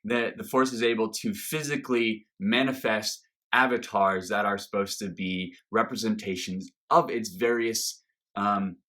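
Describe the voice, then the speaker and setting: Bright-toned man reviewing casually. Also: mid-range voice. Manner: enthusiastic, rambling with fillers and restarts. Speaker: reaction video host.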